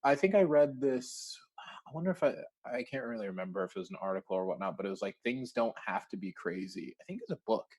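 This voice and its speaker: A man talking casually as an interview guest, lively, with lots of fillers and acted-out quotes. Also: medium pitch, fast. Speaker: interview guest, recruiting firm founder.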